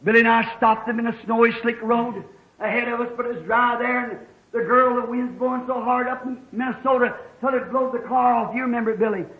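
A man preaching a fervent sermon, rising to shouts as he tells stories. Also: very high voice, steady tone, a little fast. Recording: dull lo-fi old tape.

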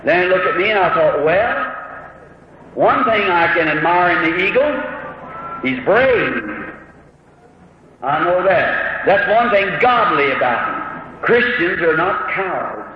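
A man preaching a sermon as a fervent, emotional story, his voice climbing higher as the feeling rises. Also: very animated, slow pace. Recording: old muffled hall recording with heavy hiss.

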